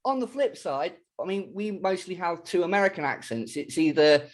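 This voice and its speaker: A middle-aged British man co-hosting a podcast in casual chat, animated, laughing often and acting out quotes. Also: high-pitched, moderate pace. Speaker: podcast co-host.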